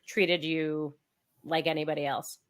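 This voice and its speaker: Female podcast host with a lowish voice, friendly, asks relaxed follow-up questions. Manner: friendly, laughs along, quick follow-up questions. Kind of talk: casual interview.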